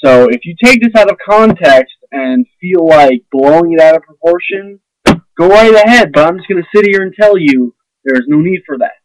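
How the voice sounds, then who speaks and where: A man's voice: high-pitched, lively intonation, normal speed, dry recording, rough recording. A young man ranting to camera in a blunt, sarcastic, profane and rambling way. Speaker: vlogger. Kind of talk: casual ranting monologue.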